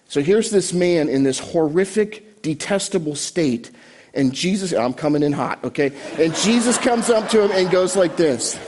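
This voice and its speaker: Animated, lively-pitched male preacher. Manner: animated preaching with dramatic pauses and quiet emotional drops. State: choked up. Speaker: pastor. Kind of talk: sermon. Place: church stage.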